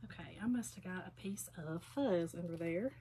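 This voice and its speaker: A woman's voice: on the low side, moderate pace, mellow, a little hiss or hum. A middle-aged woman, hosting a casual crafting livestream and chatting folksily to her viewers as she works.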